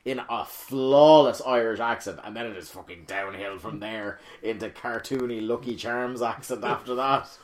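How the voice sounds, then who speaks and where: A man's voice: medium pitch, normal speed, few pauses. A man hosting a casual gaming podcast, joking and rambling with frequent restarts. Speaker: podcast host.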